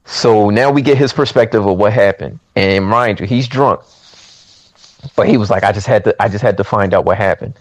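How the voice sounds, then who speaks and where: A man's voice: lowish voice, brisk, dry recording. A man in casual chat, retelling a movie's plot and acting out the characters' lines. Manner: animated storytelling, acts out characters' lines. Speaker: movie recap podcaster.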